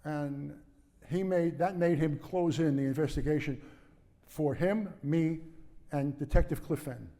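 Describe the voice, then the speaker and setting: A man's voice: on the high side, measured pace, warm tone. Older man telling long stories, reverberant. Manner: digressive, restarts sentences, acts out quoted dialogue. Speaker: interview guest, former prosecutor. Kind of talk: rambling storytelling interview.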